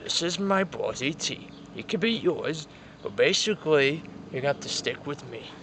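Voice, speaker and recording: A man's voice: fairly high pitch, animated, normal speed, fairly bright tone, slight background noise. A man improvising a toy-play story, voicing the characters himself with frequent gasps and exclamations.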